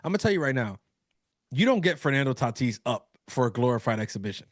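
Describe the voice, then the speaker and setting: A man's voice: medium pitch, sing-song, fast, dry recording. A man co-hosts a casual sports talk show. He is chatty and keeps saying "like", with a Spanish phrase here and there. His voice sits mid-range and sounds dry and close to the mic. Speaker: co-host.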